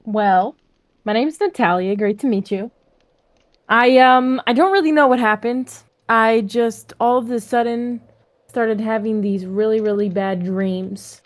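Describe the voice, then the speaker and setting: A woman's voice: fairly high pitch, steady tone, a little slow, lightly acted. A woman voicing an anxious young woman cursed as a werewolf, speaking hesitantly and earnestly. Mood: worried.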